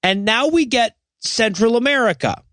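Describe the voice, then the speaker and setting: A man's voice: extremely high pitch, lively intonation, normal speed, pushed and bright, no room sound, clean studio sound. A man co-hosting a comedy podcast, recapping a film in a sarcastic, rambling way with many restarts. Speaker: podcast co-host. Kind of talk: casual comedic podcast chat.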